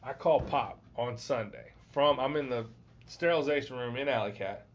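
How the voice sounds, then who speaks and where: A man spins a long, profane story in casual podcast chat. He acts out other people's lines as he goes. It sounds like a dull, lo-fi phone recording at a middle pitch. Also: moderate pace, a little hiss or hum. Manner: profane, animated storyteller acting out quotes. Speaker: podcast host.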